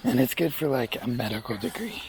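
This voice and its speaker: A man's voice: mid-range voice, big pitch swings, brisk, background noise. A young man telling his life story in a casual vlog, rambling, frank and swearing freely. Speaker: vlogger.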